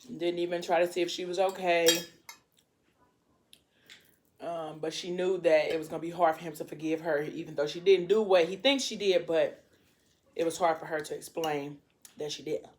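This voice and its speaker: Mukbang vlogger, woman, slightly low voice, chatty storyteller who apologizes in passing. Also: steady tone, darkish tone. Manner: casual and rambling, with quick apologetic asides.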